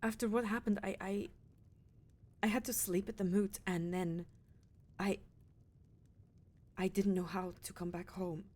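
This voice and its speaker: A woman's voice: mid-range voice, steady tone, a little slow, pauses often, a little mellow. A woman speaking in character as a town leader in a roleplay, hesitant and stammering, often trailing off.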